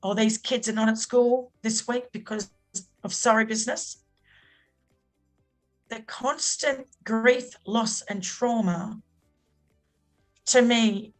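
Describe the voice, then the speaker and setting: An earnest middle-aged woman from Australia, talking as a podcast guest in a voice that sits a little high. She speaks with heartfelt emphasis, and soft music plays faintly under her. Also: fairly even intonation, slow pace, low-quality recording. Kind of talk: podcast interview.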